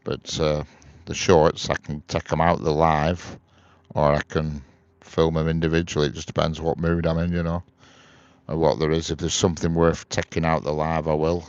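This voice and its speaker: Man, very low gravelly voice, casual live-stream chat outdoors, reads comments aloud, slightly muffled lo-fi audio. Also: little pitch movement, normal speed, dry recording. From England. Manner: chatty, reads viewer comments aloud and answers them. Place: outdoors beside a railway line.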